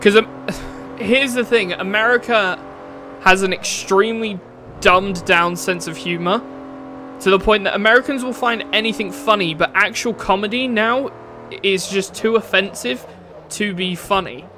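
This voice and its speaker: Faint music plays behind a British streamer ranting casually through a racing game in a high, pushed and bright voice at a moderate pace. He gives blunt opinions, swears from time to time, and laughs at his own jokes.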